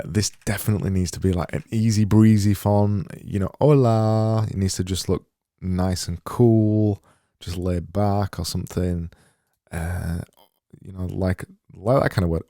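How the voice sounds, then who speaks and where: A man with a deep, mellow voice rambles through a livestream of his design work. He talks slowly and mutters to himself, often mocking himself. The sound is close and dry. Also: gravelly, dry recording. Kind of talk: thinking-aloud livestream commentary.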